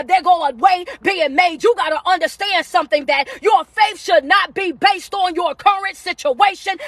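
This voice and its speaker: High-voiced woman preaching motivation. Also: fairly bright tone. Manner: preachy call-and-response, drawn-out refrains. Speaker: motivational speaker. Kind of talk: live-streamed motivational talk.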